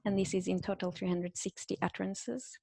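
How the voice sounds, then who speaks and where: A woman presents a research talk over a video call. She pauses on fillers and restarts her phrases, and a gravelly edge runs through her voice. The mic is close and dry. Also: mid-range voice, steady tone, dark tone, no echo. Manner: hesitant, many fillers and restarts. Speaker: invited linguistics speaker. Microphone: computer microphone on a video call.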